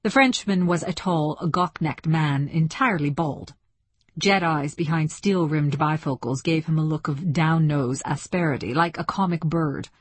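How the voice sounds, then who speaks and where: A woman narrating a novel in an even, descriptive audiobook reading. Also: deep voice, unhurried, husky, dry recording.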